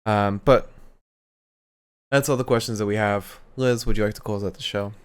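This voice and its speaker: Deep, smooth-voiced man podcast host. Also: fairly even intonation, moderate pace. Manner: casual, swearing, reads listener questions. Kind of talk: casual chat.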